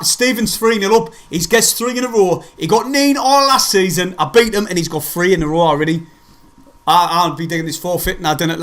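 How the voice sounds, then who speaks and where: A young man commentates as a fan on a live stream, his slightly high voice leaping from excited shouts to tired, mumbled asides. He sounds worn out and curses freely. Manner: excitable, swearing, swinging between shouts and weary mumbles. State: exhausted after a tense match. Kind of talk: live match watch-along commentary.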